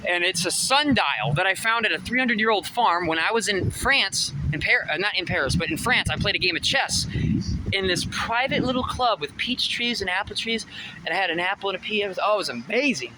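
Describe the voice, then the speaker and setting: A man rambling excitably in a personal vlog, laughing often and swinging from muttering to shouting. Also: high-pitched, fairly quick, heavy background noise. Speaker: vlogger.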